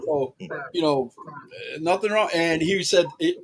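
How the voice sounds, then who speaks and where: A man with a high-pitched voice hosts a casual podcast. He reads viewer comments aloud and often stumbles through false starts before finding his words. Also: measured pace. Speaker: podcast host.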